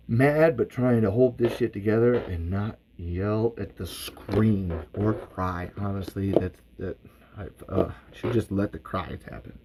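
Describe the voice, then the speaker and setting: A man hosting a podcast livestream, retelling a film with animated, profane storytelling. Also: fairly low pitch, very noisy. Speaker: podcast host. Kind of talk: casual livestream commentary.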